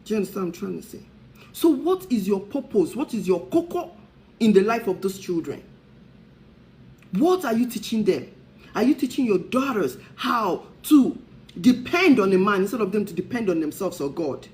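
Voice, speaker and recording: A woman's voice: mid-range voice, very animated, normal speed, a little mellow, low-quality recording. Impassioned woman preaching. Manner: rhetorical, repeats questions for emphasis. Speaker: talk show host. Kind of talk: impassioned preaching-style talk.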